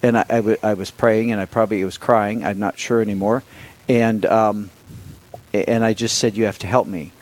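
A middle-aged man speaks with a somewhat low voice, recounting events at an unhurried conversational pace. He stumbles and restarts often, filling gaps with "um" and "uh" and letting small laughs slip in. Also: level tone, poor audio. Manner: halting, many restarts and fillers, with soft laughs. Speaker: priest appointed bishop, interview guest. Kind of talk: conversational interview storytelling.

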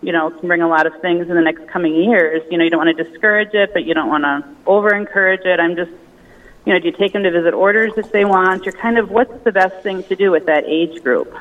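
A woman's voice: fairly low pitch, fast. Woman calling in over a tinny phone. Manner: many fillers of "you know". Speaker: caller. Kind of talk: call-in question. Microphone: telephone.

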